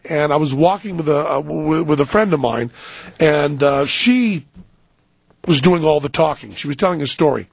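A man's voice: on the high side, creaky, slightly rough, dry recording, dull audio. A middle-aged American man hosting a radio show, telling a rambling story and interrupting himself. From United States. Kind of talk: casual radio chat with storytelling. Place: radio studio.

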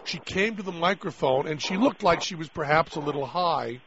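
A man's voice: on the high side, lively intonation, normal speed, crowd noise. A man hosting a call-in radio show, talking brashly and arguing with callers in a joking way. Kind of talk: casual call-in radio chat. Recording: dull lo-fi radio broadcast.

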